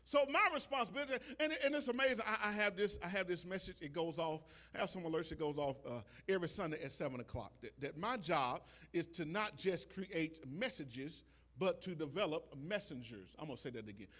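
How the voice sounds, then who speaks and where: A pastor preaching a sermon, building to shouts, stammering and repeating lines. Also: male voice, fairly high pitch, lively intonation, brisk, hardly any pauses. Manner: stammers and restarts, chuckles.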